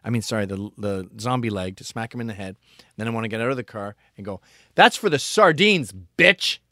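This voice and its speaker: A man telling a comedic story in a ranting monologue, with profane jokes and deadpan asides. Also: fairly low pitch, fast, dry recording, clean studio sound.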